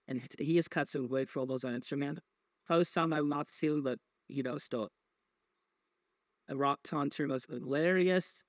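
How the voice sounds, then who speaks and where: A man's voice: mid-range voice, no echo. A man hosting a podcast, recapping wrestling in a casual, rambling way, swearing freely and filling gaps with many fillers and restarts. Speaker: podcast host.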